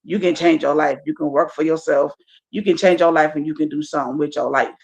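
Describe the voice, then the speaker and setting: A woman's voice: sits low, fairly even intonation, fairly quick. A woman comedian, a guest on a podcast, talking in a casual, emphatic and profane way and often checking in with "you feel me".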